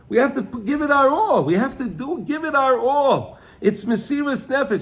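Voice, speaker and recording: A man with a high voice teaches a Torah class in a loose, talky way. He keeps checking in with "right?" and says things twice. Hebrew and Yiddish words come up often as he speaks. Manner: conversational, keeps asking "right?" and repeating himself; mixes in Hebrew and Yiddish terms. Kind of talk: Torah class on the weekly portion.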